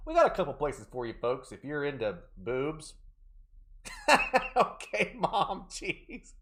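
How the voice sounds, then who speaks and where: A man's voice: a little high, very animated, takes it slowly. A man live-streaming a horror game, joking around and reading out and thanking viewers from chat. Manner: joking, playful banter with chat; reads out viewer names and thanks. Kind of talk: casual live gameplay chat.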